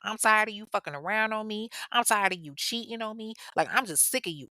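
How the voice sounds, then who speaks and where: A woman's voice: mid-range voice, a little fast, pushed and bright, no echo, clean studio sound, close to an everyday voice. A woman doing a furious, sassy wife. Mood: indignant. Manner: indignant, profane, sassy. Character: furious wife defending her child.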